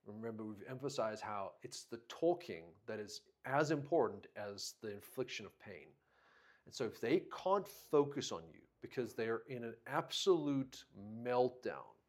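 A man co-hosting a parenting discussion, talking in a firm, instructive way. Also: lowish voice. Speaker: co-host, parent.

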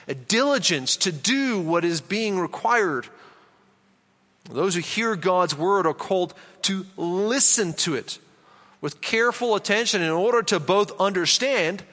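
A man preaching a sermon as pastor to his congregation, earnest and deliberate, driving points home with emphatic repeats. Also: high voice, pushed and bright, long reverb tail.

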